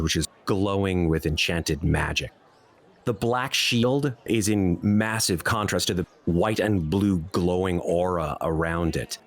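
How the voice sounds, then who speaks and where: A man narrating a tabletop game as dungeon master, telling the scene in an expressive, descriptive way. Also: low voice.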